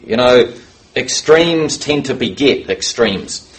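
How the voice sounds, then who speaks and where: A man delivers a sermon at a medium pitch, reading scripture passages aloud. He lingers on key words and lifts his voice for emphasis. His pacing is deliberate and teaching in tone. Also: expressive, poor audio. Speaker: preacher.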